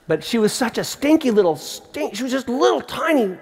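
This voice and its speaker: A middle-aged man preaching a sermon as pastor, conversational and animated, with emphatic repeats. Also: very high voice, brisk, vocal fry, slightly rough. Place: large theatre. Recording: long hall reverb from a theatre.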